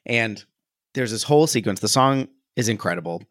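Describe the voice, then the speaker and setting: A man's voice: lowish voice, lively intonation, normal speed, a bit bright, no room sound, clean studio sound. A man co-hosting a podcast in casual chat, rambling and amused as he talks. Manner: rambling, amused, restarts often. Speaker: podcast co-host.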